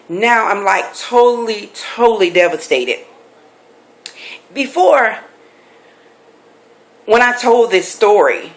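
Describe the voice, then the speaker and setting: A middle-aged woman, a life coach, telling a personal story with animated, emphatic delivery, repeating key phrases for effect. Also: medium pitch. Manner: animated, acts out quoted voices; emphatic repetition.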